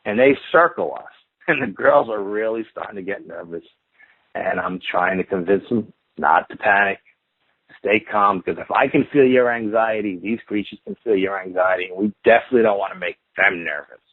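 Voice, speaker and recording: A man with a lowish, husky voice speaks at a moderate pace as an interview guest, with no echo. He tells a long encounter story in a casual, rambling way, piling up "and then you hear" phrases in repetitive build-ups, all heard through a tinny phone line.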